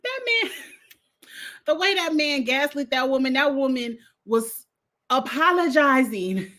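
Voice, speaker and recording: A young adult woman giving a blunt, animated reality TV review in casual vlog style, swearing freely. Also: sits high, slow.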